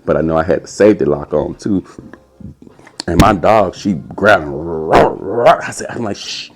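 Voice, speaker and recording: A young man telling a casual, animated story as a podcast host, putting on a high voice for quotes. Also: measured pace.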